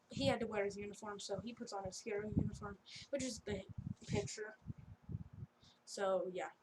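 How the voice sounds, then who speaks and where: A woman casually telling a fan story in a rambling, off-the-cuff way with joking asides. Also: mid-range voice. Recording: steady background noise.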